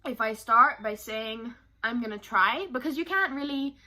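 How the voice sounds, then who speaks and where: A woman's voice: on the high side, expressive, moderate pace, pushed and bright. A young woman from Barbados, talking candidly to camera about her life in a rambling, emotional way. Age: young adult. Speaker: vlogger. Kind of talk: personal talk to camera.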